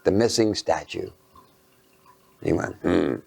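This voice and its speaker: Gravelly low-voiced man telling a story. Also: expressive. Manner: halting, self-mocking storyteller with hushed asides. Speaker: lecturer. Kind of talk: anecdotal storytelling lecture.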